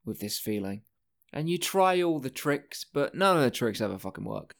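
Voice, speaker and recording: A male podcast host talking on his own in a loose, rambling way. He swears freely and cuts himself off mid-thought, with his voice sitting at a middling pitch. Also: big pitch swings, moderate pace, gravelly. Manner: rambling, profane, self-interrupting. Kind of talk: casual solo podcast monologue.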